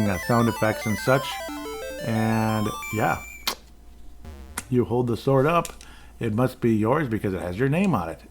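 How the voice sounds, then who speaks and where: A man hosting a casual game walkthrough, rambling along as he plays and chuckling often at his own mistakes. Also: mid-range voice. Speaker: host.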